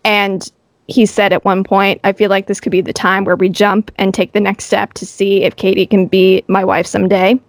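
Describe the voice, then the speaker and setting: A woman co-hosts a chatty podcast, explaining her points in an easy, even way. Her voice sits in a middle register. It sounds dry and close, with no room around it. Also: mid-range voice, normal speed, no room sound. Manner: explanatory, reads from an astrology book. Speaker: podcast co-host. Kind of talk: casual chat, recapping a dating show.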